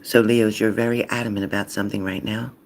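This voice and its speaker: A man giving a casual card reading, acting out loud quotes and dropping into whispers. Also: lowish voice, fast talker. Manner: animated, acts out loud and whispered voices. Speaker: psychic card reader.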